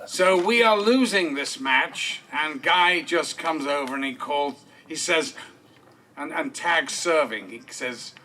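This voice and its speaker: A man's voice: on the high side, expressive, takes it slowly, over a noisy crowd. A man giving a eulogy at an outdoor park memorial, telling comic anecdotes and chuckling often as he talks. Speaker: speaker at a memorial service. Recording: distant mic with clear background noise.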